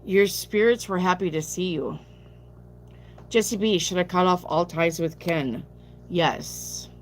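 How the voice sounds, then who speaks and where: Brief: lower-voiced woman, sleepy live-stream tarot reader, blunt casual answers, faint hum behind. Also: slow. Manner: chatty, reads viewer questions aloud and answers bluntly. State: sleepy, yawning.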